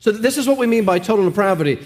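A man's voice: high-pitched, animated, rapid-fire, darkish tone. A man, a pastor, telling stories and preaching in an earnest, emphatic way during a team sermon discussion.

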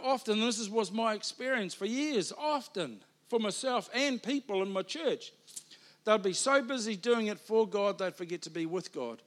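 A middle-aged man, a pastor preaching a sermon in a chatty, emphatic style with asides. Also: high voice. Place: church hall.

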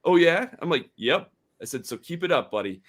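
A man's voice: mid-range voice, lively intonation, brisk, a bit bright, slightly rough. A man hosting a casual podcast chat, telling a funny story with lots of laughter and restarts. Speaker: podcast host.

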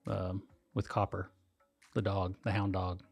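A man's voice: sits low, flat delivery, a little slow, vocal fry, breathy edge, soft background music. A middle-aged man co-hosting a podcast, chatting easily and laughing often, a week out of sinus surgery. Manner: easygoing, laughs often, rambling. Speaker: podcast co-host. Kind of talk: casual chat.

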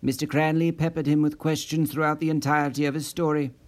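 A man reading a story in steady, measured scripted narration. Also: fairly high pitch. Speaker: audiobook narrator.

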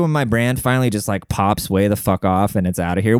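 A man hosting a solo podcast in a brash, rambling, profane way, full of fillers, jumping up in pitch when he quotes people. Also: fairly quick, clear, resonant tone, no room sound, studio quality. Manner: jumps high in pitch when acting out quotes. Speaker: podcast host. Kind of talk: casual solo podcast monologue.

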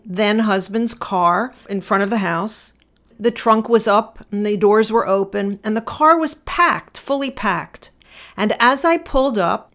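A middle-aged woman attorney telling a personal story and reflecting on it in a measured, deliberate way. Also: mid-range voice, fairly bright tone. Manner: measured, deliberate, slowing for emphasis.

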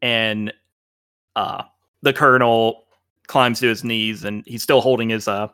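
A man narrating as game master, relaxed and rambling with many fillers. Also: on the low side, unhurried, clean tone, no echo, clean studio sound.

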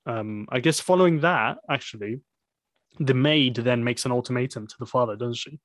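A man's voice: mid-range voice, normal speed, no room sound, clean studio sound. A man casually discussing a film with a friend, rambling with many fillers and restarts.

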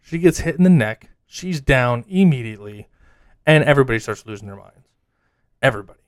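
A man's voice: mid-range voice, brisk, no echo, studio quality. Man telling a story in casual chat. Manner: animated storyteller acting out quotes.

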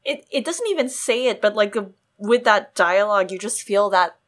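A woman's voice: mid-range voice, lively intonation, normal speed. A woman co-hosting a casual book discussion, earnest and reflective, with many fillers. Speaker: podcast co-host.

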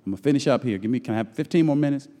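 A pastor preaching a sermon, swinging from loud shouted lines to low murmurs and drawing out his phrases. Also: rapid-fire. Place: church sanctuary. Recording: long hall reverb.

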